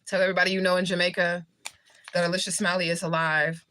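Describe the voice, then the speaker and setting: This US livestream host and spiritual reader talks fast in a lowish voice, her delivery flat and her tone sharp. Chatting casually with viewers and answering their comments, she is blunt, jokey and very profane, with frequent laughter.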